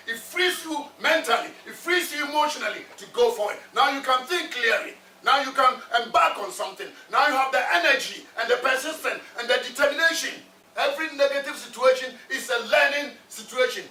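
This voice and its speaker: A man's voice: very high voice, sharp tone, distant mic. A man giving a motivational talk to students, emphatic and repetitive, firing questions at his audience. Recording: echoey room, voice from afar.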